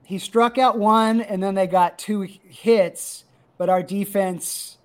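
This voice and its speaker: Speaking slowly in a high-pitched voice, the middle-aged comic creator and youth baseball coach shares a story in casual conversation, excited and emotional.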